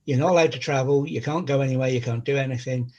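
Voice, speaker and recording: A man's voice: mid-range voice, steady tone, fast, darkish tone, lo-fi sound. A middle-aged man, chatting casually and telling rambling stories. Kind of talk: casual chat.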